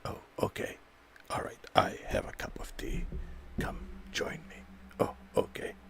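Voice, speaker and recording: A man voicing a mocking impression of a prissy, soft-spoken male warrior who offers tea in a hushed, breathy whisper. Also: measured pace, natural voice.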